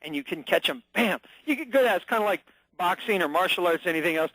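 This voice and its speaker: A man's voice: high-pitched, expressive, quick pace, pushed and bright, slight background noise, poor audio. A man as a radio show guest, talking with energy and emphasis, acting out short scenes as he explains. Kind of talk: phone-in radio interview.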